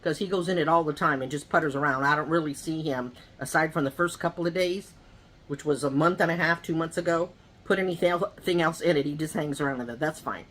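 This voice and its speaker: Here a woman with a low-sitting, fairly bright voice talks fast during a mukbang at home. She addresses her viewers directly, rambling through gossipy tales with lots of asides.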